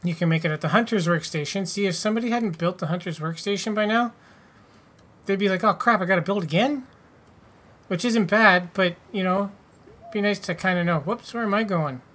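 A man's voice: sits high, a little fast, fairly bright tone. A man hosting a casual let's-play, joking, swearing and reading game text aloud. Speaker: gaming channel host.

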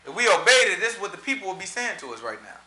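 A man teaching a Bible study in a casual, animated way, full of slang and repeated asides. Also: high voice, rapid-fire, echoey room. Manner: animated, slangy, repeats "you know what I'm saying".

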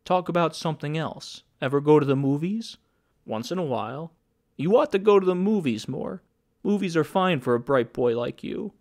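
A man's voice: a little high, expressive, moderate pace, a little mellow. A man voicing a talkative hired gunman who mocks and taunts as he speaks. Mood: sneering. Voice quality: sneering, mocking.

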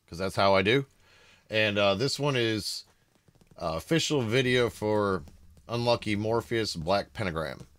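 An excitable American man hosting casual reaction commentary at home, bursting into shouts of amazement. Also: lowish voice, no echo. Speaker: reaction video host. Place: home room.

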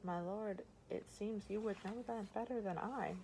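A woman reading the part of a calm, formal older male harbor master in an audiobook. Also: mid-range voice, slight background noise, voice pushed up, lightly acted, low-quality recording. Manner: measured and formal, addressing a lord.

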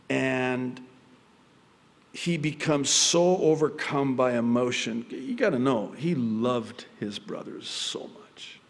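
Man, pastor, sermon, animated storyteller, middle pitch, echoing hall. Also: creaky. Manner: animated storytelling, acting out the characters' quoted lines. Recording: long reverb of a large hall.

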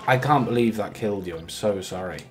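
A man's voice: on the low side, a little fast, faint music behind. A man co-hosting a casual let's-play, chatty and rambling with playful sarcasm. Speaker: co-host of a gaming channel.

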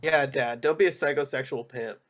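A cheeky teenage son , read by a man, tossing out flip, mocking remarks in a mid-pitched voice. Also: moderate pace, a bit bright, close to an everyday voice.

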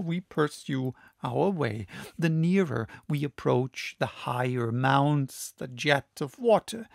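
Slow, gravelly male audiobook narrator. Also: fairly high pitch, dry recording, clean studio sound. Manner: measured, deliberate reading.

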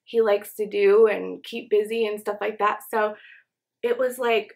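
At home indoors, a young beauty vlogger does her makeup during a casual get-ready-with-me chat, rambling with fillers like "um" and "you know." Her mid-range voice is flat in delivery and slow-paced.

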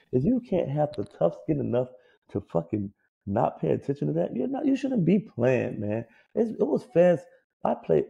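Male podcast co-host, gravelly dark voice, animated swearing rant, lo-fi recording. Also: medium pitch. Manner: profane, animated ranting. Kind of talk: casual sports chat.

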